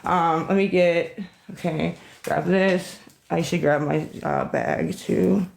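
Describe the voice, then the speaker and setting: Gravelly, profane woman livestreaming. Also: lowish voice, steady tone, takes it slowly, darkish tone, slight background noise, low-quality recording. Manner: profane, agitated ranting. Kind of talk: rambling live-stream talk.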